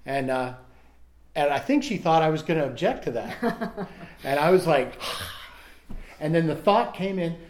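A man's voice: on the high side, animated, unhurried, long pauses, a little hiss or hum. A man reading aloud from a recovery book and sharing his own story in a candid, self-mocking way, often restarting his sentences. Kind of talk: reading aloud and personal testimony.

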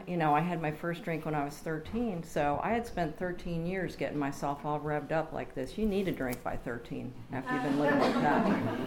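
A woman's voice: sits low, a little mellow, a little hiss or hum. A woman sharing a wry, self-deprecating story in a recovery group. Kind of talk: candid personal sharing.

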